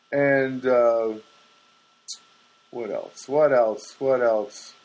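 A man's voice: medium pitch, unhurried, gravelly, a little mellow, poor audio. A man from the US East Coast talking casually in a rambling solo monologue, chatty and self-deprecating, often putting on comic voices for other people.

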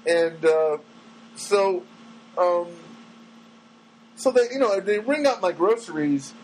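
A man's voice: high-pitched, animated, takes it slowly, darkish tone, slight background noise, low-quality recording. A middle-aged man hosting his own podcast, rambling and self-mocking and now and then breaking into a sung snatch. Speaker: podcast host. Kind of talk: rambling solo podcast monologue.

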